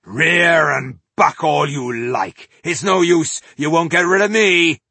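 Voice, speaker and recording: A man voicing a gruff, battle-hungry male dwarf warrior who growls and bellows his taunts. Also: medium pitch, drawn-out words, bright, forceful tone, dry recording, exaggerated voice. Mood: gleeful taunting.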